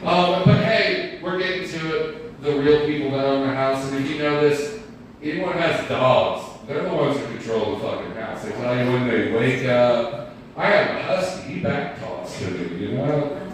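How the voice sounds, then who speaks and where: A man's voice: mid-range voice, lively intonation, normal speed, a little hiss or hum. A man doing a stand-up set, rambling and self-deprecating as he banters with the crowd. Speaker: stand-up comedian. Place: live comedy venue. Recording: roomy, distant live room recording.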